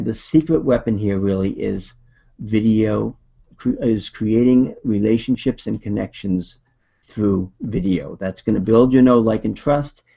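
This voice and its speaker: A man's voice: fairly low pitch, creaky, dark tone, breathy edge, muffled recording. A man with a Boston accent presenting a video marketing webinar in a casual, upbeat coaching manner.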